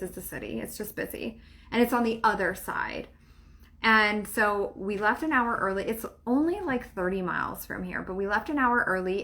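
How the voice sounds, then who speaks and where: A woman's voice: mid-range voice, fairly bright tone. Chatty, rambling middle-aged woman coach. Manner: chatty and rambling, many fillers and restarts; laughs often, swears casually. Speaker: spiritual coach and podcast host. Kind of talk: casual monologue to listeners.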